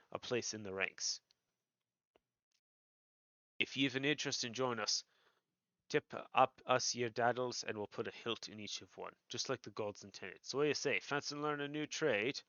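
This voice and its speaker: A man voicing a gruff male recruiter for a thieves' guild, muttering low thieves' slang in a dull, dry recording. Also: normal speed, pushed and bright, no echo.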